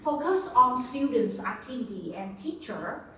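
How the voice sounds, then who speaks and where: A woman's voice: a little high, expressive, a little slow, fairly bright tone, a little hiss or hum. A woman teaching English to a class, patiently prompting students and repeating words. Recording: echoey classroom from far off.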